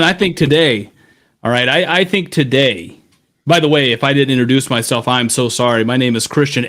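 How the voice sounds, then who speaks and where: A man's voice: mid-range voice, a bit bright. A man co-hosting a casual sports podcast on a headset, laid-back and joking, swearing freely. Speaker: podcast co-host.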